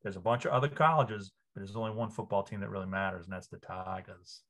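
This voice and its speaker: A man in his fifties from Louisiana, a sportswriter guest on an interview, telling stories with lively enthusiasm. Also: on the low side, fast. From New Orleans area, Louisiana. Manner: enthusiastic, animated storyteller. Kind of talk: casual interview.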